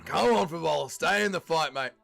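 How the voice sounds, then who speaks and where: Young male streamer, casual and profane, fairly high bright tone. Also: fairly quick, gravelly, soft background music. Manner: swings from yelling and swearing to laid-back chat. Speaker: livestream host. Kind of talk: casual live fight watch-along chat.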